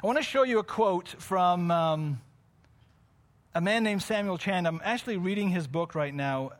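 A man preaching a sermon to his congregation, dropping to quiet, close asides and rising to loud shouts, with frequent off-the-cuff self-corrections. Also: sits high, lively intonation, moderate pace. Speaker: pastor.

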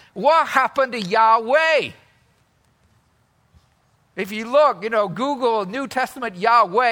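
Male pastor, sermon teaching, high-pitched and bright, deliberate and repetitive. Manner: deliberate, repeats key words, asks the congregation questions.

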